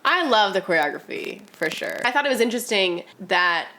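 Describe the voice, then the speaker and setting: A woman's voice: mid-range voice, animated, brisk, pushed and bright, slight background noise. A woman co-hosting a podcast, talking casually about a film, filling her speech with "like". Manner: chatty, heavy use of "like", acts out quotes. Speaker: podcast co-host.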